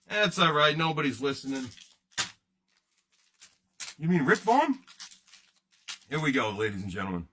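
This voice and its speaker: A man's voice: a little high, sing-song, a little slow, pauses often, sharp tone, a little hiss or hum. A man hosting a card-breaking livestream, rambling and joking casually with his viewers in chat.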